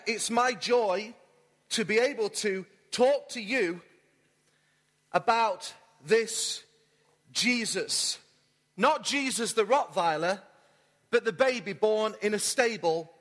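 A man's voice: high-pitched, fairly bright tone. A man, a church pastor delivering a friendly, story-led sermon with light humour. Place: church auditorium. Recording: reverberant church hall.

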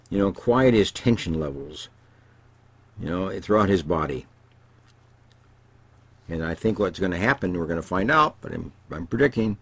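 A man speaking as a therapist, giving a calm, slow instructional talk and often checking in with "okay?", dropping to a hush on calming words. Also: low-pitched, slightly rough, no echo. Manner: softens and drops to a hushed voice on calming words.

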